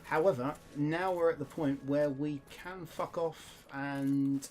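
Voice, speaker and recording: A young British man co-hosting a game playthrough, easygoing and sweary, quick to agree. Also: on the high side, steady tone, darkish tone. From United Kingdom. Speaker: let's play co-host. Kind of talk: casual gaming banter. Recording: faint background noise.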